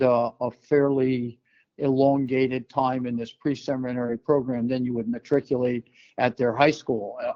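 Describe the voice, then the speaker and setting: An older man from New York telling a personal story as an interview guest, relaxed, with many fillers and restarts. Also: medium pitch, dull audio.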